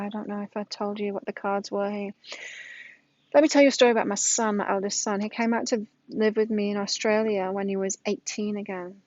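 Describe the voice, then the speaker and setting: A woman's voice: medium pitch, a little mellow, no echo, dull audio. A middle-aged woman giving a casual weekly tarot reading, emphatic, repeating her points and telling stories to make them. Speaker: tarot reader.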